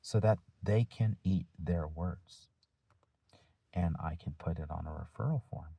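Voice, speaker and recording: Deep husky guy teacher lecturing his students, slow and firm, rhetorical questions, dry sound. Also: dark tone, no room sound. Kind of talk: lecture-style talk to students.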